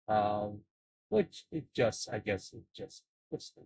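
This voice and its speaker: A man hosting a casual live stream who talks in a halting way and often repeats his words. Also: on the low side, animated, a little mellow, rough recording.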